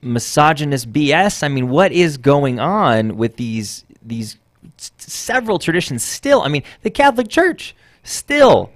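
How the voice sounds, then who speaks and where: A man's voice: on the high side, sing-song, a little slow, no room sound. A man co-hosting a radio talk show in a studio, asking pointed questions with some hesitant fillers. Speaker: radio co-host.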